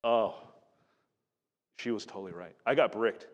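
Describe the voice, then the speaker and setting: A middle-aged pastor preaches a sermon earnestly and conversationally, often restarting his sentences. His voice is fairly low and his pace measured. The recording, made in a reverberant hall, has its highs cut off.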